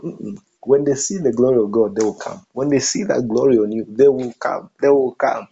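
A man's voice: mid-range voice, a little fast, vocal fry, mellow, highs cut off, a little hiss or hum. A man preaching a sermon, emphatic, repeating his phrases for effect.

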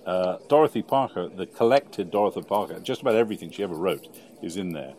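A low-voiced man co-hosting a relaxed podcast. He is effusive and quick with praise. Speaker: podcast co-host. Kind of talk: casual chat.

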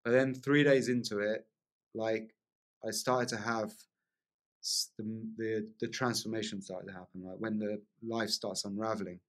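A man's voice: fairly low pitch, fairly even intonation, moderate pace. A man, a podcast guest, vividly telling a personal story in casual conversation, laughing often and leaning on lots of "like" fillers.

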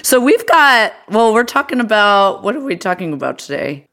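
A young woman co-hosts a comedy podcast with an animated voice that swings widely in pitch. She teases her partner and laughs easily, chatting casually. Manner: quick to laugh, teasing. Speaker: podcast co-host.

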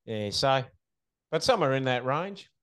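Brief: running coach, measured, advising, mid-pitched. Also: male voice, very animated, a bit bright, smooth. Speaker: guest marathon coach. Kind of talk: casual advice in conversation.

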